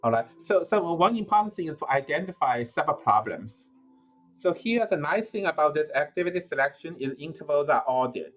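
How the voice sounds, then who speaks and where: A man's voice: fairly high pitch, lively intonation, brisk, highs cut off, faint music behind. Man lecturing, thinking aloud. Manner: thinking aloud with frequent "uh" and self-corrections. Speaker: university lecturer. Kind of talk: recorded lecture.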